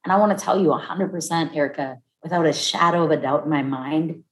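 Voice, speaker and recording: A woman in her fifties talking casually and warmly about marriage, acting out other people's voices as she tells stories. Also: deep voice, fast talker. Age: 50s. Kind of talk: casual heartfelt conversation. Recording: echoey room.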